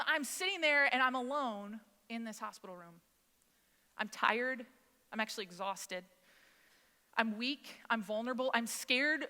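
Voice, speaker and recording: A woman in her thirties preaching a storytelling sermon in a church, acting out the conversations in a chatty, animated way. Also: fairly high pitch, smooth. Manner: animated, acts out dialogue, conversational with many "like"s. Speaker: speaker at church service. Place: church sanctuary. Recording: long reverb of a church hall.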